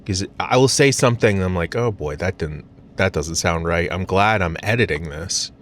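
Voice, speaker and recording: A man's voice: sits low, normal speed, slight background noise. An American man vlogging from his parked car, rambling casually with lots of fillers and self-mocking asides. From United States.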